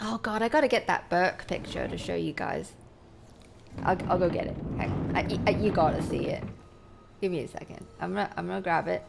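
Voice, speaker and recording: A woman's voice: fairly low pitch, a little fast, vocal fry, noisy background. A woman game streamer rambling casually to her viewers, swearing freely. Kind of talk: casual live-stream chat.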